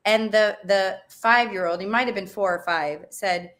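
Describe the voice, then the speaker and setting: Middle-aged woman guest, animated storyteller, easy conversational delivery. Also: mid-range voice, moderate pace, few pauses. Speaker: parenting guest. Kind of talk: casual interview.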